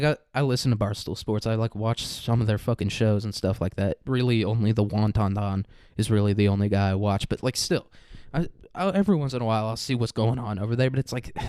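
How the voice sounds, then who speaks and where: A man's voice: lowish voice, a little mellow, clean tone, no room sound. Guy ranting on his podcast, swears a lot, sarcastic, dry close sound. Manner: profane, sarcastic, mocking mimicry; laughs through his own jokes. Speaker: commentary podcast host. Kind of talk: casual ranting commentary.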